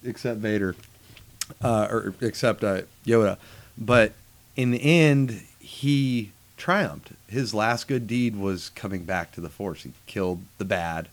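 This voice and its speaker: A man's voice: on the low side, takes it slowly. Profane opinionated man in casual chat.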